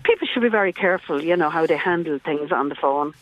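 A woman's voice: low-pitched, quick pace, crowd noise. An Irish woman calling in to a radio show, animatedly retelling a story and acting out the voices in it. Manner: emotional, animated retelling with quoted dialogue. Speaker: caller. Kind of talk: phone-in call to a radio show. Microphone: phone. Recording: tinny phone line.

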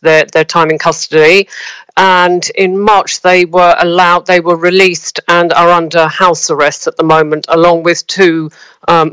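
Woman correspondent, phone-in, hesitant and measured, crisp dry voice. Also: lowish voice, a bit bright, dry recording, rough recording. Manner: measured, hesitant with frequent ums. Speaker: news correspondent. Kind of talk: news interview. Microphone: phone call.

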